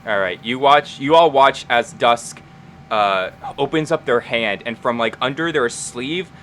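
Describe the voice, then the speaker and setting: A man's voice: medium pitch, measured pace, fairly bright tone, slight background noise. A young man narrating as game master for a tabletop game, casual and full of fillers.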